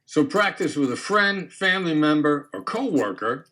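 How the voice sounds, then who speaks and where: A man giving a calm, measured instructional talk on negotiation, demonstrating his tones of voice as he explains. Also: on the high side.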